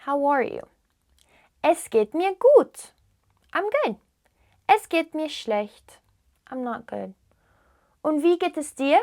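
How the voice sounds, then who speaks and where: A woman teaching a beginner language lesson, modelling phrases slowly and translating each one patiently. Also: high-pitched, sing-song. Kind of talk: slow, clear teaching with repetition.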